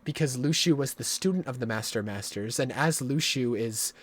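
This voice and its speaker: Male live streamer, rambling and excitable, swears freely, mid-range voice. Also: mid-range voice, normal speed.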